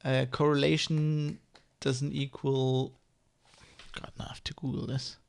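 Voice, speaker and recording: A man's voice: mid-range voice, level tone, a little slow, vocal fry, dry recording. A man with a mother tongue, ranting in a casual vlog, rambling and heated, with many restarts and swearing. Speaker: vlogger. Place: Germany.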